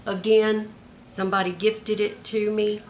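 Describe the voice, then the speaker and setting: A woman's voice: mid-range voice, level tone, unhurried, a little hiss or hum. An older retired woman showing off a handmade journal in a homey, chatty show-and-tell, describing each piece one by one. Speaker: craft vlogger.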